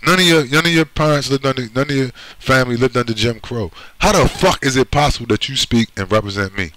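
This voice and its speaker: A man's voice: medium pitch, fast talker, few pauses, fairly bright tone, no echo, poor audio. A man from the United States in a blunt, profane monologue who keeps checking in with "right?" and "you see?". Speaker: video commentator. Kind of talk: emphatic monologue.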